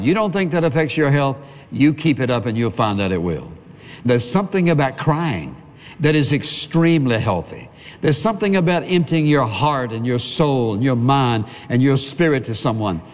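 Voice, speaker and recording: Guy preaching a sermon, talks to the congregation like a chat, middle pitch, big echoey hall. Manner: conversational preaching, asks congregation for amen.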